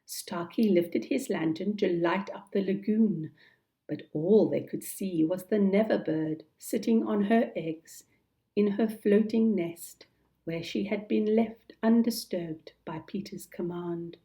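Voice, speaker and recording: A woman narrating a children's storybook in a calm, measured, deliberate reading. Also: mid-range voice. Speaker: storybook reader.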